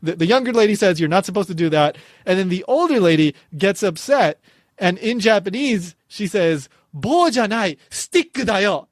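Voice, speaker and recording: A man hosting a podcast, telling a story in a casual and animated way. He laughs often and restarts his phrases a lot. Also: high voice, moderate pace, no echo, clean studio sound. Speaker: podcast host.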